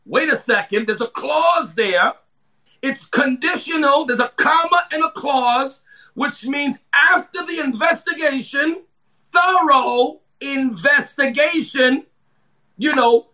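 A pastor preaching a sermon to an online audience, with chatty asides to listeners that build into shouted, drawn-out scripture reading. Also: high-pitched.

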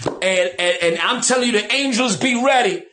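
A man preaching as a pastor, animated and slangy, acting out his own prayers. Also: sits high, normal speed, roomy sound. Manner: animated, slangy, quotes himself. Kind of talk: preaching on deliverance.

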